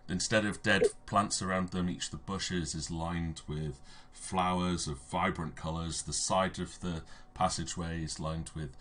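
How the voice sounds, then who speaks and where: A man narrating as game master of a tabletop game, halting with fillers and restarts as he describes the scene. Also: low-pitched, steady tone, a bit bright. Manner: hesitant, many fillers and restarts. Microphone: home microphone on a stream.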